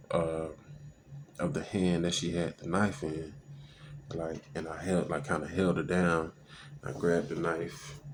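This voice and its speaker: A man's voice: low voice, background noise. A man telling a personal story in casual, slangy talk that halts on fillers and restarts.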